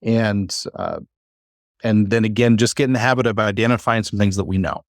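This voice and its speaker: A man with a low voice teaches a classroom lesson. He talks in a relaxed, halting way, full of "uh" and restarted sentences. The sound is dry and close. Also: no room sound. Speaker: Bible Hebrew teacher.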